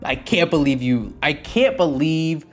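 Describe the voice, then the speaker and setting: A man's voice: fairly high pitch, unhurried, soft background music. A man playing a tabletop role-playing game, ranting animatedly and laughing often. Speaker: player. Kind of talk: casual tabletop banter.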